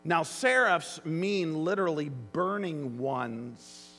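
A man preaching a sermon as pastor, earnest and emphatic, with deliberate phrasing. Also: fairly high pitch, expressive, bright, forceful tone, soft background music. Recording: long reverb of a large hall.

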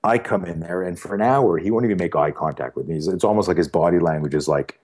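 Deep-voiced man telling a story. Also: fast talker. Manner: animated storyteller, many fillers and quoted dialogue. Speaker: podcast guest. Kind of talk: casual storytelling interview.

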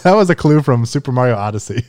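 A man's voice: medium pitch, fast talker, no room sound, studio quality. Laughing man hosting a podcast. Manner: laughs often, animated. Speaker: podcast host. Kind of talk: casual podcast banter.

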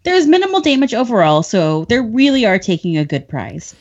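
A woman hosts a book podcast, running through plot points in a chatty, laughing way. Her middle-pitched voice moves up and down a lot. The recording is dull and lo-fi. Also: big pitch swings, a little fast. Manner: chatty, laughs often between lines. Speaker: podcast host summarizing chapters. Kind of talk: casual book recap.

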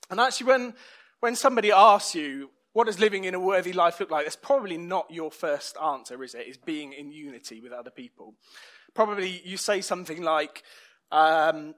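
A man's voice: high voice, lively intonation, normal speed, fairly bright tone. A man preaching a sermon in a conversational, self-deprecating way.

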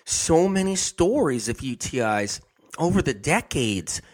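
A man's voice: fairly high pitch, very animated, measured pace. A man hosting a health radio show, talking in a giggly, emphatic way and often repeating himself. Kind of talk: casual monologue on a health show.

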